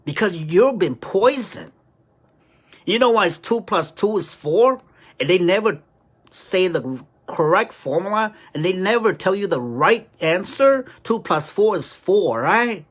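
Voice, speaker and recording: Woman commentator, unhurried, animated intonation, preachy and questioning. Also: mid-range voice. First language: Hmong. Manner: rhetorical, keeps asking "right?". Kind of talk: preachy opinion monologue.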